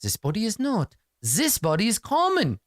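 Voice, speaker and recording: A man voicing a condescending, scheming doctor who buys corpses, speaking formally and smoothly. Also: sits high, wildly swooping pitch, normal speed, no echo, clean studio sound, voice pushed up, full character voice.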